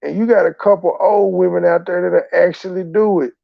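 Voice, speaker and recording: A man's voice: high voice, steady tone, fairly quick, gravelly, no echo, narrow, tinny audio. A man hosting a reaction commentary, profane, ranting and taunting. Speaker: host.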